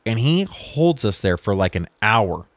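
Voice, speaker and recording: A young man with a fairly low voice tells a rambling story on a podcast. He acts out what people said and swears casually as he goes. The recording is dry and close, with no room sound. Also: big pitch swings, measured pace, no room sound. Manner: storytelling with swearing and quoted dialogue. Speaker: podcast co-host. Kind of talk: casual chat.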